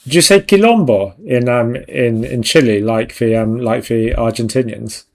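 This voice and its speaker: Young adult male streamer, casual rambling chat, frequent laughter, medium pitch. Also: moderate pace, darkish tone. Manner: chatty and rambling, laughs often. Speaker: livestream host chatting with viewers.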